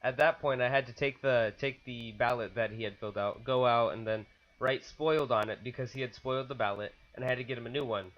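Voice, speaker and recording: A man's voice: medium pitch, fast, fairly bright tone. A young man co-hosting a podcast in casual, chatty talk who laughs often. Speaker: podcast co-host. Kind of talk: casual chat. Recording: dull lo-fi sound.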